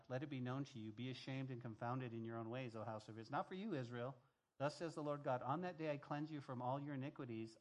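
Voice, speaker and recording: A male pastor giving a sermon, talking to the congregation in a lively, conversational way and reading scripture softly at the close. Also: mid-range voice. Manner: animated, conversational preaching with asides to the congregation.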